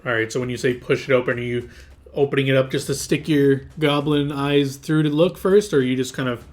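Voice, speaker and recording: A man running a tabletop game as game master, talking in a mid-pitched voice and rambling through long scene descriptions, thick with "like" and restarts, questioning the players about what they do. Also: fairly even intonation, a little fast. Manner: rambling, descriptive, full of filler words.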